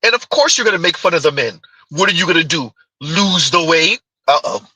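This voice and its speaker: A man hosts a casual stream, reacting to clips with a mocking, giggling delivery. His voice sits high and very bright, with a husky edge. The sound is dry and close. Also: lively intonation, a little fast, no room sound, low-quality recording.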